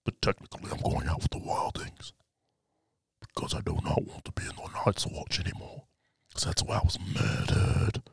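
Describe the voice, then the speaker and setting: A man imitating a brooding, weary young swordsman in a low whisper. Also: normal speed, natural voice.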